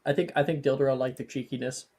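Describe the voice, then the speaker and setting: Easygoing game master with a dark, mellow voice, narrating spell results to the table. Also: medium pitch, fast. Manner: easygoing, laughs often, relaxed.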